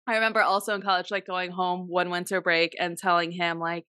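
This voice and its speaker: A woman's voice: fairly low pitch, level tone, fairly quick, pushed and bright, clear, resonant tone, no echo, clean studio sound. Laid-back young woman, swearing casually. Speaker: podcast co-host. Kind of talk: casual storytelling chat.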